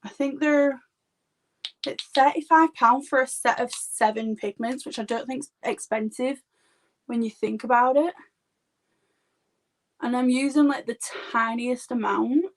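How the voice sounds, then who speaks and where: Woman, Yorkshire accent, high voice, unhurried, rambling live-stream chat, thirties. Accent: Yorkshire English. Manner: chatty and rambling, heavy use of "like". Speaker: makeup artist.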